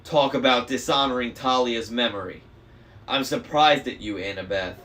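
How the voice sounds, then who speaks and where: A man voicing a smug young male traitor demigod, smooth, mocking and persuasive. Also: mid-range voice, normal speed, a bit bright, lightly acted. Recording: faint noise, slightly distant mic.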